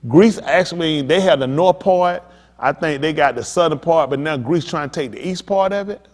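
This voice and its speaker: A man's voice: fairly high pitch, normal speed. A male pastor preaching a sermon, talking straight to the congregation with emphatic, pressing questions. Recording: long hall reverb.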